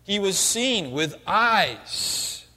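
A man's voice: sits high, sing-song, extremely slow, bright, forceful tone. A man preaching a sermon, earnestly explaining scripture step by step, in a long church-hall reverb.

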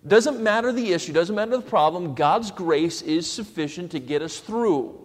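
A man's voice: sits high, animated, normal speed. A man preaching a sermon in a conversational way, slipping into acted asides. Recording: long hall reverb.

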